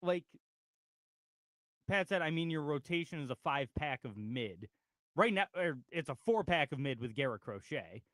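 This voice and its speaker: A man hosts a casual sports radio talk show with a lively, animated delivery and a slightly high voice. He talks easily and reads out comments from the chat. The sound is dry and close. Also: normal speed, no echo.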